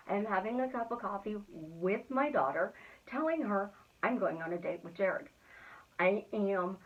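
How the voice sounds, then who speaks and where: A middle-aged woman giving a motivational self-help talk. She speaks earnestly and repeats affirmations in a steady rhythm. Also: medium pitch. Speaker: manifestation coach. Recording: thin phone-like sound, distant from the mic.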